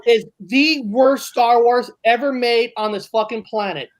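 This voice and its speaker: A woman hosts a casual podcast chat with firm, repeated emphasis. Her voice sits a little high. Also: moderate pace. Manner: emphatic, opinionated, repetitive. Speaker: podcast host.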